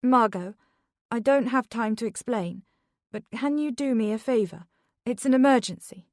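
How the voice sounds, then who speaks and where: A woman voicing a frantic young mother, urgent and pleading, her voice climbing high. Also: normal speed, no room sound, clean studio sound, lightly acted.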